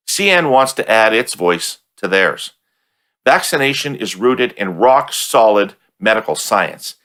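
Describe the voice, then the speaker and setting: A man's voice: on the low side, sharp tone. A Canadian man hosting a political podcast, bantering bluntly with his guest and reading a sponsor message. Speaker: podcast host and interviewer. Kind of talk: interview hosting and sponsor read.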